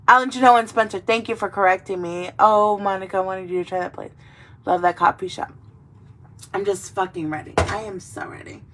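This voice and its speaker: A woman's voice: mid-range voice, steady tone, a little fast, fairly bright tone. A young woman hosting a casual drinking chat, rambling, swearing freely and heartfelt. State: tearful in places. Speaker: host. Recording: mic a bit distant, faint background noise.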